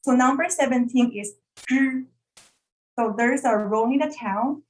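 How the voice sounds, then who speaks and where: A woman's voice: on the high side, a little slow, low-quality recording. A woman presenting an online workshop over a video call, carefully demonstrating and repeating sounds for learners to copy.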